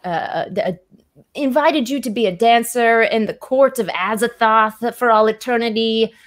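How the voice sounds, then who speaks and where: A woman's voice: on the high side, normal speed. Chatty woman running a tabletop game. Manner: chatty with many fillers. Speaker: game master. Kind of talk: narrating a tabletop horror game.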